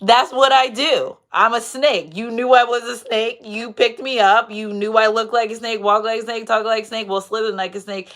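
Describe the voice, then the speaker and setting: A woman's voice: a little high, fairly even intonation, normal speed, hardly any pauses, a bit bright, lightly acted. A woman voicing an unapologetic betrayer who taunts the person she wronged, in a matter-of-fact tone. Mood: taunting. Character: brazen female betrayer, mocking and unapologetic.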